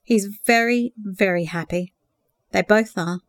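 A woman voicing a hopeful, earnest young woman in love, speaking softly and a little higher than her narration. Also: unhurried, dry recording, clean studio sound, close to an everyday voice. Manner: earnest, emotional, sighing.

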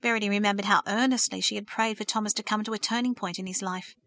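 A woman reading a story aloud in steady, earnest scripted narration. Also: mid-range voice, quick pace. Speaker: audiobook narrator.

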